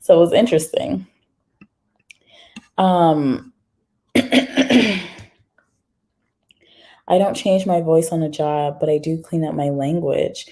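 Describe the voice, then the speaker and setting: A woman's voice: low-pitched, fairly even intonation, slow, long pauses, dark tone. A woman hosting a casual live stream, chatting straight to viewers and reading their comments aloud. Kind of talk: casual livestream chat.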